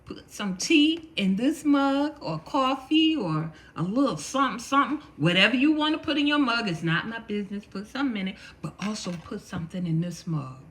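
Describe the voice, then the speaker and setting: A woman's voice: fairly high pitch, expressive, a bit bright, slight background noise. A middle-aged woman hosting a casual home vlog, chatty and affectionate, drawing out her stories as she talks straight to her viewers. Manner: chatty, affectionate, drawn-out storytelling. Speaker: vlog host.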